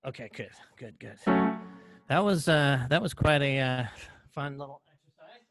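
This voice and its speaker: A man hosting an online open mic over a video call, talking in a halting, unhurried way with pauses and restarts. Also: mid-range voice, creaky, loud music behind the voice. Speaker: open mic host and musician. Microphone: computer mic on a video call.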